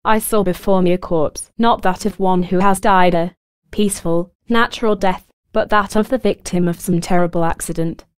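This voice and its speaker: A woman's voice: steady tone, clear, resonant tone, dry recording, natural voice. A woman reading as a shaken army officer confessing. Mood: grave. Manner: low, firm, slow confession. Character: shaken British army officer with second sight, man.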